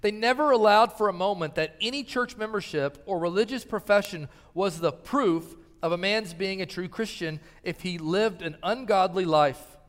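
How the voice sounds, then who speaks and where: A man in his thirties preaching a sermon in a large church hall, swinging from loud appeals to soft pleading. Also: sits high, normal speed, hardly any pauses. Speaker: pastor. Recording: long hall reverb.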